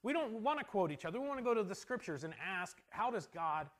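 A man preaching a sermon as pastor in a church, telling stories with an animated delivery that drops to a soft hush for emotional moments. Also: high-pitched, fast talker.

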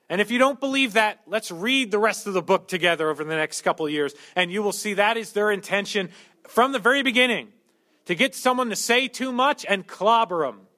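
A man's voice: sits high, bright, forceful tone. A man preaching a conversational sermon, working through a Bible passage verse by verse with humorous everyday asides. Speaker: pastor.

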